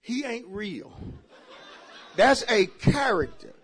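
High, bright-voiced preaching man. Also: very animated, takes it slowly, breathy edge. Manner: shouting preaching with sudden drops to quiet asides; joking and laughing with the congregation. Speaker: pastor. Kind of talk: sermon. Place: church.

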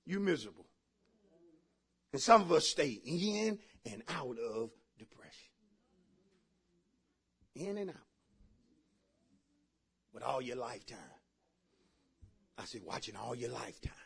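A man preaching a sermon as pastor to his church, shouting his points, then dropping to quiet asides and laughing along with the congregation. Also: mid-range voice, sing-song, unhurried, creaky, long pauses, breathy edge.

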